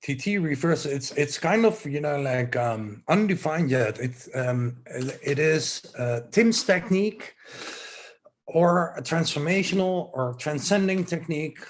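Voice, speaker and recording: A man from the Netherlands leading a guided breathing session, giving slow, soothing instructions with some relaxed, rambling asides. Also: a little high. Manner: relaxed, rambling, self-joking.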